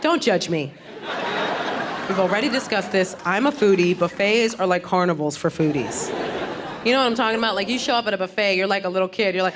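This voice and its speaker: A woman's voice: mid-range voice, animated, brisk. Chatty woman doing live stand-up. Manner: chatty, conversational, asks the crowd questions. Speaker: stand-up comedian. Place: comedy stage before a live audience. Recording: live stage recording with audience laughter and noise.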